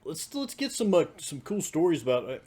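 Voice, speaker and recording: A middle-aged man co-hosting a casual podcast, affirming and quick to laugh along as he passes the turn to guests. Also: fairly high pitch, very animated, darkish tone, breathy edge. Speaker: podcast co-host. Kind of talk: casual chat, moderating.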